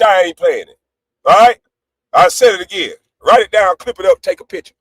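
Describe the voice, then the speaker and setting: A man ranting on a live stream panel in a brash, profane way. He swings between loud outbursts and low, laughing asides. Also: expressive, normal speed, pauses often, no room sound, poor audio. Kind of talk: heated livestream rant.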